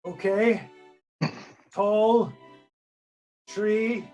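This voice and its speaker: A game master voicing a drunken, blustering middle-aged king who talks in a raised, gruff, jovial way. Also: mid-range voice, fairly even intonation, very slow, mellow, muffled recording, soft background music, voice pushed up.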